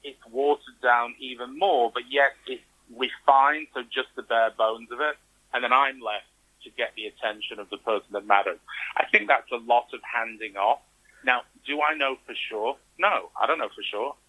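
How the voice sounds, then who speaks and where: A man speaks as an interview guest, recounting events in an animated way and acting out the remarks he quotes. His voice has a bright, forward edge with a husky grain. He sits at a middling pitch. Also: normal speed, low-quality recording. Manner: animated storytelling, acts out quoted reactions. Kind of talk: conversational interview.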